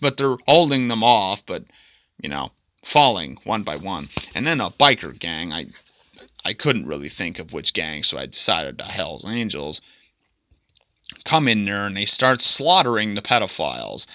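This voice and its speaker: A man's voice: fairly low pitch, very animated, moderate pace, bright, forceful tone, dry recording, clean studio sound. A man casually narrating his own comic, crude and joking, with frequent chuckling asides. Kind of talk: casual commentary.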